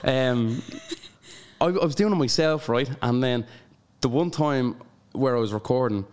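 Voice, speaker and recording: A young man with an Irish accent, a guest telling stories in an animated way and laughing often. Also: medium pitch, unhurried, smooth. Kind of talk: casual chat.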